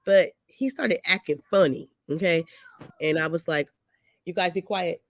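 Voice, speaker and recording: A woman on a discussion panel, telling a story about her son in a casual, lively way. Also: on the low side, measured pace, dry recording. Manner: storytelling, animated when quoting herself. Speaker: panel guest, mother.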